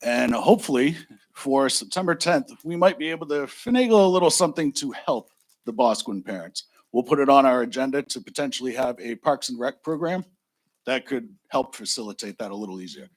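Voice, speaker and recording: A man's voice: medium pitch, expressive, a little fast. A man who chairs his town's select board, giving brief, businesslike public comment at a school board meeting.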